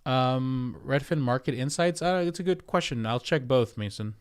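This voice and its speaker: A man's voice: mid-range voice, moderate pace, clear, resonant tone. Chatty man hosting a livestream. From United States. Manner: chatty, rambling, reads out viewer comments. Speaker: real estate agent and livestream host. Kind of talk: casual livestream chat. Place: home, streaming.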